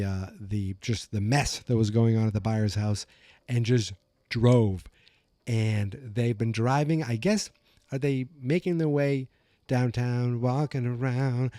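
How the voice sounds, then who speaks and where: Mellow-voiced man rambling through a recap. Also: mid-range voice, no echo, studio quality. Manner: rambling, musing, many fillers. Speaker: podcast host. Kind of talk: casual episode recap. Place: room at home with the door open. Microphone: podcast mic.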